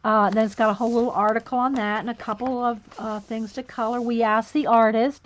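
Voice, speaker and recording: A woman's voice: on the high side, steady tone, a little fast, hardly any pauses. A woman hosting a casual livestream, chatting and greeting viewers by name one after another, with a slight lilt. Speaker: livestream host. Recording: dull lo-fi stream audio.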